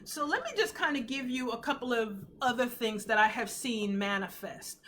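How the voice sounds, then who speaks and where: A woman in her fifties giving an earnest, emotional testimony on a live stream from home, teary at times, with animated swings in pitch. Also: moderate pace. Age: 50s. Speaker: host of a faith livestream. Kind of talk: casual live talk, testimony.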